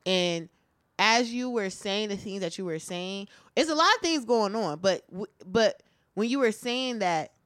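A woman's voice: medium pitch, animated, a little slow, fairly bright tone, no room sound, clean studio sound. A woman co-hosting a podcast, reflecting at length in casual chat. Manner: reflective, talks through ideas at length. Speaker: podcast co-host.

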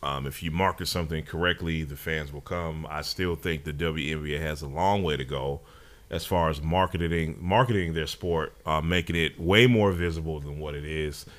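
A man co-hosting a casual sports talk show, speaking in a relaxed, halting way with many fillers. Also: a bass voice. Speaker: podcast co-host.

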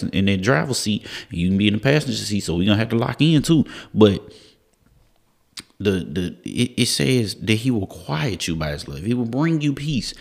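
Man, very low voice, casual devotional preacher, repeats lines for emphasis, slangy. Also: gravelly, darkish tone. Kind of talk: informal Bible devotional talk.

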